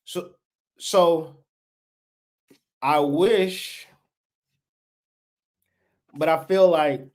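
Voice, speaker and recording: Speaking very slowly with long pauses, a man in his late thirties delivers a profane, preachy, fired-up rant on his livestream, unscripted. The voice is on the high side, steady in tone and a little mellow.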